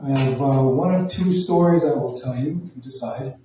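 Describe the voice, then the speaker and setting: A man from Toronto telling a profane, animated stand-up story, acting out the voices in quotes. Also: medium pitch, normal speed, slight background noise. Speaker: stand-up comedian. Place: small performance room. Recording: echoey room from far off.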